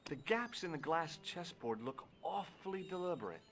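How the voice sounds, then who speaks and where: A man's voice: a little high, sing-song, moderate pace, fairly bright tone, soft background music. An actor voicing a curious, wry young male adventurer in a video game, talking casually and inquisitively. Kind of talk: video game voice acting with narration.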